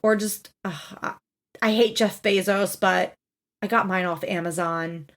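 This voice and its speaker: A woman co-hosting a podcast, chatting casually and expressively as she recaps a TV show, swearing freely and acting out quotes. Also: a little slow. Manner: animated, expressive, swears freely, acts out quotes with big pitch jumps. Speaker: podcast co-host.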